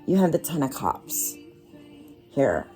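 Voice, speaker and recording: A woman lays out tarot cards for her listeners, speaking slowly and reassuringly in a low, mellow voice. Faint music plays quietly behind her. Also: big pitch swings. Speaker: tarot reader. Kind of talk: casual tarot card reading.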